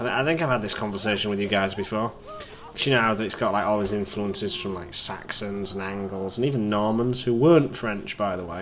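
A man casually commentating on his own gameplay, excitable and rambling, chatting to his viewers as a let's play host. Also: fairly low pitch, a little hiss or hum. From Britain.

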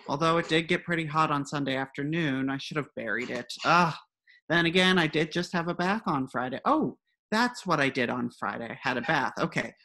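A woman's voice: deep voice, a bit bright, full character voice. A woman voicing a dithering male fox who frets and second-guesses himself in a comic satire she reads aloud. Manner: fretful, second-guessing inner monologue. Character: dithering male fox fretting over old chicken.

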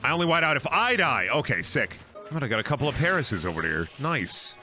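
Lively joking young man streaming a game. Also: on the high side, fairly quick. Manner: joking, rambling, swears freely. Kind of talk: casual game stream commentary. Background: faint game music.

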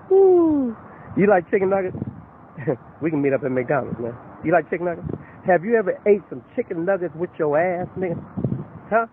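A man's voice: on the high side, moderate pace, pauses often, lightly acted. An actor playing a protective father in his fifties or older, on a one-sided phone call in a comedy short. He talks in streetwise slang, says "man" constantly, and swings between pleading and threats. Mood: menacing. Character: protective, fed-up father of a grown son, over 50. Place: outdoors near a building site. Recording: tinny, wind-blown outdoor recording.

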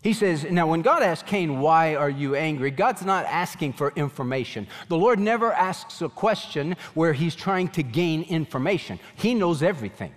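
A pastor preaches with animated conviction, his voice sitting a little high for a man. The sound carries a long reverb from a large hall. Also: normal speed, few pauses. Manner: animated preaching, voices God's questions to Cain. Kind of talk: sermon.

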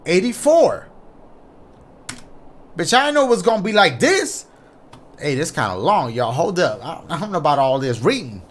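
A man giving excitable, profane let's-play commentary on a horror game and talking to his viewers. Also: high-pitched. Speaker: gaming YouTuber.

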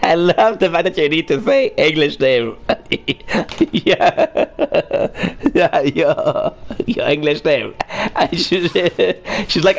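A man's voice: fairly high pitch, lively intonation, extremely slow, vocal fry. A man chatting casually with friends online, joking, teasing and laughing often, swearing freely.

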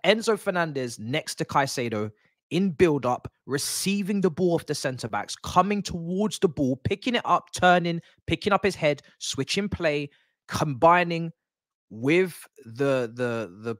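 Excitable fan host, dry sound. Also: male voice, fairly high pitch, dry recording. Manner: excitable, chatty fan talking to viewers. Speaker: football fan channel host. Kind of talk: live match watch-along commentary.

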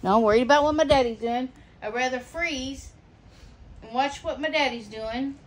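A woman's voice: sits high, moderate pace, lightly acted. A woman voicing her nosy little pet dog. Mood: fussy. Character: fidgety male pet dog, nosy about his daddy.

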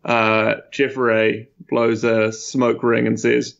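A man's voice: medium pitch, completely flat delivery, takes it slowly, vocal fry, hardly any pauses, fairly bright tone. A man narrating his moves as a tabletop game player, hesitant with many fillers, on a dull lo-fi mic.

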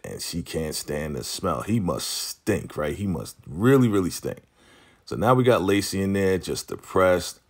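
Deep-voiced man recapping a TV episode. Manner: animated, acts out characters' lines while retelling, laughs often. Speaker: recap host.

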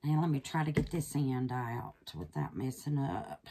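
A woman hosts a casual resin craft vlog, chatty and affectionate, calling her viewers babies and honey and slipping into nervous whispers as she works. Her voice is rumbling low, sharp and slightly rough, very animated, at a normal speed.

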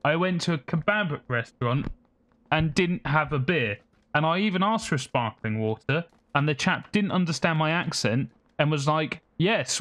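A man's voice: fairly high pitch, a bit bright. A man giving casual gameplay commentary, chatting and muttering to himself as he plays. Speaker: gaming streamer.

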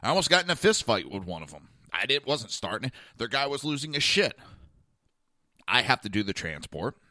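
A man telling a story on his own talk show, blunt and animated, his pitch swinging widely as he acts out the other people. His voice is bright and forceful, and the recording is dry and close. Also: fairly quick, no echo. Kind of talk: casual storytelling monologue.

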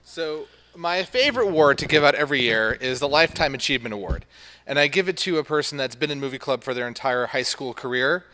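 A man's voice: mid-range voice, expressive, fast talker, pushed and bright. A man teacher running a school movie club, giving an earnest, heartfelt award speech. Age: adult.

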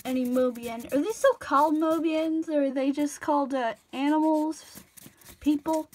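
A woman's voice: sits high, normal speed. A woman chatting casually while she draws, rambling off-topic, apologizing and cutting herself off. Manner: rambling, self-interrupting, apologetic. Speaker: drawing tutorial vlogger.

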